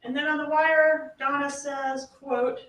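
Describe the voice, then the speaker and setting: Female prosecutor, slightly high voice, emphatic closing to a jury, heard from across a roomy courtroom. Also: little pitch movement, a little slow, fairly bright tone, muffled recording. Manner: emphatic, rhetorical questioning. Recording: roomy courtroom audio from a distance, faint hiss.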